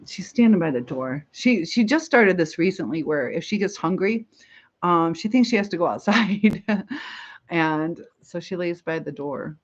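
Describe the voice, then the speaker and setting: A woman's voice: lowish voice, lively intonation, a little slow. Lady doing a casual livestream, rambly, laughs a lot, kinda dull lo-fi sound. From Michigan, USA. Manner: rambling, reads viewer comments aloud, laughs often. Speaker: livestream host. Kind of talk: casual live chat.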